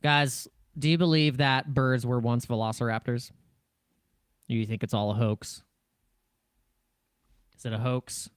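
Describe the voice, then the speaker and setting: A man's voice: medium pitch, fairly even intonation, measured pace, pauses often, smooth, no echo, clean studio sound. A man hosting a casual crypto live stream, rambling and jokey, with frequent restarts and laughs. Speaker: crypto livestream host.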